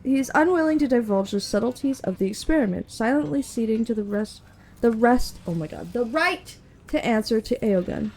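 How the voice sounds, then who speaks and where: Chatty higher-voiced woman streamer reading game text aloud. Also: animated, a little mellow, husky. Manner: chatty, quick asides.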